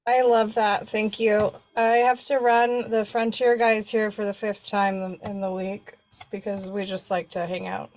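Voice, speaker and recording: Woman, participant, video call, casual, flat even delivery. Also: mid-range voice, a little slow, rough recording. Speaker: class participant.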